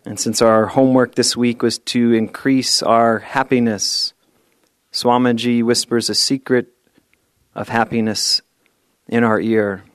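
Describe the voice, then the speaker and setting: A man's voice: medium pitch, little pitch movement, a little slow, clear, resonant tone, no room sound, studio quality. A man giving a playful, storytelling sermon with self-deprecating humor, leading the group through an exercise and a short meditation. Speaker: speaker at a spiritual service.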